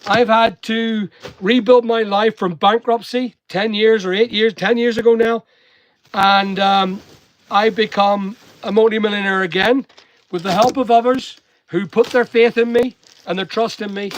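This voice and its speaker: A man's voice: high voice, fairly even intonation, a little slow, muffled recording. A man from Northern Ireland with a half English, half Northern Irish accent, chatting casually and motivationally while packing orders. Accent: mixed English and Northern Irish. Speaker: online seller and vlogger.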